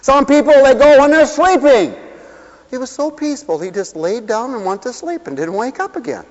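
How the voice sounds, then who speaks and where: A man preaching a humorous sermon with animated, theatrical storytelling in a large hall. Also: very high-pitched, moderate pace. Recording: dull sound with long hall reverb.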